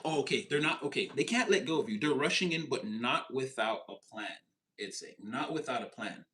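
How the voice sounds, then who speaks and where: A man's voice: medium pitch, animated, a little fast, a bit bright, rough recording. A man giving a casual tarot reading who rambles, swears, laughs and gets heated. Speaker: tarot reader.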